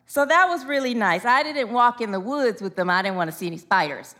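A middle-aged woman minister preaches in a high voice, drifting into anecdotes and laughing at her own stories. Her tone is bright and forceful, and she jumps up in pitch when she acts out what others said. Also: fairly quick. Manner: storytelling with frequent laughs and asides, rising excitedly for quotes. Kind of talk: sermon.

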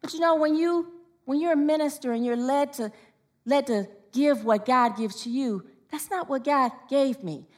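A middle-aged woman minister giving a sermon, telling stories with laughs and asides and rising excitedly when she quotes people. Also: high voice, normal speed.

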